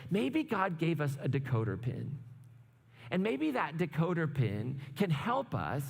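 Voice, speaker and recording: A male pastor with a fairly high voice gives a relaxed, conversational sermon, full of jokey asides and "right?" check-ins. His voice rings out with a long reverb tail from a church hall. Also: vocal fry. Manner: chatty, asks "right?" often, jokes asides. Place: church sanctuary.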